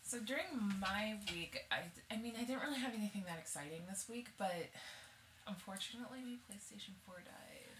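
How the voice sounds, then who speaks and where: Young woman, casual podcast chat, lively storyteller, laughs a lot, echoey room, faint hiss. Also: medium pitch, a little fast. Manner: animated storyteller, laughs often, shouts when acting out stories. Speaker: podcast co-host.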